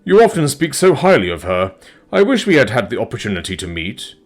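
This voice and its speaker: A man voicing a kind, motherly female dragon who speaks politely and teases gently in a storybook reading. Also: medium pitch, huge pitch swings, normal speed, soft background music, voice pushed up. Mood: fond teasing. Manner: polite, wistful, playful.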